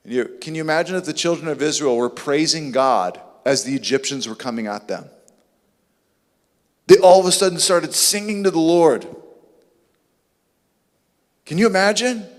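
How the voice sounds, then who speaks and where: A man's voice: fairly high pitch, moderate pace, long pauses, long reverb tail. A man preaching a sermon with emphatic, rhetorical questions. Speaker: pastor.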